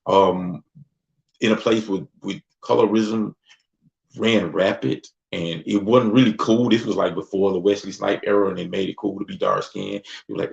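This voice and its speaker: A man hosting his own talk show, chatting casually and acting out other people's voices as he goes. His voice is low and heavily gravelly. It comes through a dull, lo-fi recording. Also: a little fast. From Mississippi. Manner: loose, conversational, acts out voices. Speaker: host. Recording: dull lo-fi sound.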